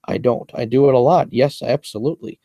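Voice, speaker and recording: Young male rapper, mellow dry voice, boastful and long-winded as he walks through his own lyrics. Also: mid-range voice, fairly quick, vocal fry, no echo. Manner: boastful, repetitive, explains at length. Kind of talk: casual lyric breakdown monologue.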